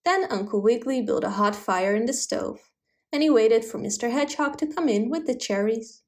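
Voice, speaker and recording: A woman reading a children's bedtime story aloud, gentle and expressive. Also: a little high, moderate pace.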